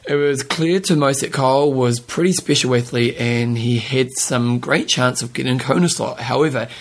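Casual co-host: man, husky gravelly voice, laughs a lot, reads notes aloud. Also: mid-range voice, normal speed. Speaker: podcast co-host. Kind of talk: casual chat.

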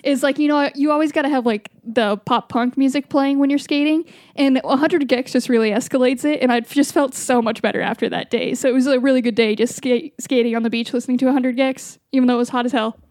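High-voiced upbeat woman podcast host. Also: steady tone, fast talker, hardly any pauses, darkish tone, no room sound, clean studio sound. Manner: upbeat, swears casually, lots of "like". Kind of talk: casual podcast chat and outro.

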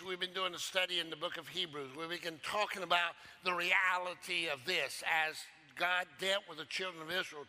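A male pastor delivers an emphatic, repetitive sermon, swinging between loud declarations and hushed, low phrases.

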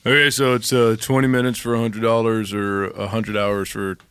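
Hesitant man with a smooth, low voice. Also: little pitch movement, normal speed, a bit bright, dry recording, studio quality. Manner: hesitant, filler-heavy. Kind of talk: improv comedy scene.

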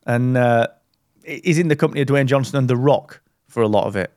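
A man co-hosting a podcast, chatting in jokey, animated banter. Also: mid-range voice, brisk, no room sound, clean studio sound. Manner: jokey, animated, slips into mock impressions. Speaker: podcast co-host. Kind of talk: casual banter.

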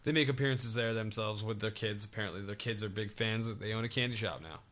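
Brief: male co-host, lower voice, easygoing recap with fillers. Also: quick pace, a bit bright. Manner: laid-back, filler-heavy recapping. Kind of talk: casual podcast chat.

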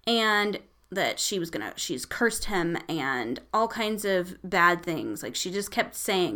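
A woman's voice: fairly low pitch, sing-song, slow pace, pushed and bright. Chatty, rambling woman telling a story. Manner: rambling and chatty, with frequent fillers and casual swearing. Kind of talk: casual storytelling.

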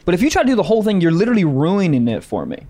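Male podcast co-host, swinging pitch, profane comedic rants. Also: very fast. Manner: ranting, profane, animated. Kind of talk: casual comedic chat.

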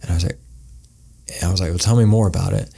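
A man's voice: sits low, steady tone, rapid-fire, gravelly, warm tone, breathy edge. A man, a podcast guest, telling a story in a casual, rambling way and acting out the quoted lines. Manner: rambling, acts out quoted dialogue.

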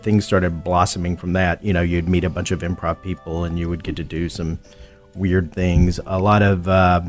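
A man with a very low voice chats easily about his comedy start. His stories ramble along, full of pauses, over faint music. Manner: relaxed, rambling, with many fillers. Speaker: comedian and voice actor, interview guest. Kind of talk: casual interview chat.

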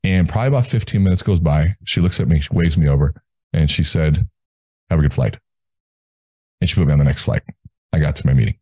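Deep, dark-voiced man telling a story. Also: quick pace, no room sound. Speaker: guest. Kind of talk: storytelling in a podcast interview.

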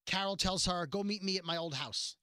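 In a dry recording, a man with a smooth, high voice recaps a TV episode for his podcast. The tone is casual chat, and he animatedly performs the quoted dialogue in fast, shifting voices.

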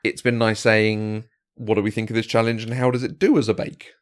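A man's voice: lowish voice, flat delivery, a little fast. A man co-hosting a casual podcast, chatty and enthusiastic, often restarting his sentences and laughing. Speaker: podcast co-host.

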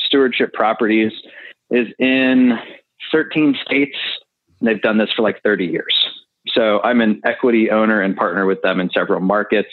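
A man's voice: mid-range voice, dry recording. A man explaining real estate deals as an interview guest, talking through figures with fillers. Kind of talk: casual interview answers. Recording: tinny phone line.

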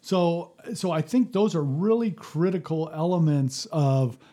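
A man's voice: fairly high pitch, expressive, a little slow, dark tone. A man, a former fire service leader, talking casually and telling stories from the job, often restarting his sentences and acting out the people he quotes. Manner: storytelling, acts out quotes, frequent restarts. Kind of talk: casual podcast conversation.

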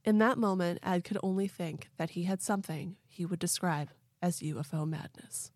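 A woman's voice: lowish voice, normal speed, a little mellow, no room sound, studio quality. A woman hosting a podcast, telling a story casually, cursing freely and laughing along. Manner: chatty, swears casually, laughs a lot. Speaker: podcast host.

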